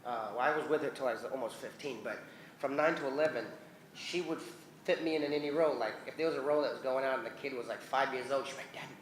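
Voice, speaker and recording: A man in his forties with a New Zealand accent, telling lively stories at a convention Q&A, acting out the voices of the people in his anecdotes and laughing often. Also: mid-range voice, fast talker, a little hiss or hum. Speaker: convention guest. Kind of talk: animated storytelling Q&A. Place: convention hall. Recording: roomy convention hall.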